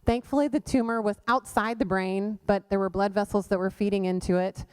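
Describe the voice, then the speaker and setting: A woman's voice: mid-range voice, a little fast, clear, resonant tone. A middle-aged woman telling her personal faith story as a guest speaker at a church women's event, acting out what people said. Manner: animated storytelling, acting out quoted voices. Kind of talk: personal testimony talk.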